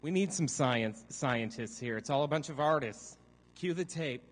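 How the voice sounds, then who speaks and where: A man hosting a comic live show, excitable and theatrical, playing up the panic. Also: medium pitch, normal speed, big-room sound. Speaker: show host. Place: large hall with a live audience.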